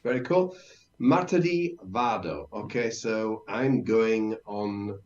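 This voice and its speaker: Podcast co-host, a man learning the language, low voice, muffled lo-fi recording. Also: slow pace, a little mellow. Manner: inquisitive learner, reading out phrases and checking pronunciation. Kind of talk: casual language podcast chat.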